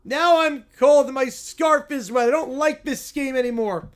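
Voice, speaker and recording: A man's voice: extremely high pitch, moderate pace, voice pushed up. A man voicing a whining, sulky preschool boy who complains about everything. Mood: whiny. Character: whiny crying little preschool boy.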